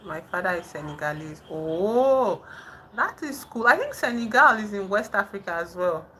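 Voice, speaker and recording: A woman casually chatting on a livestream with viewers, haltingly trying out French phrases. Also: medium pitch, animated, pushed and bright, slight background noise, poor audio. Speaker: livestream host. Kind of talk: casual live chat with viewers. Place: indoors in the dark at night.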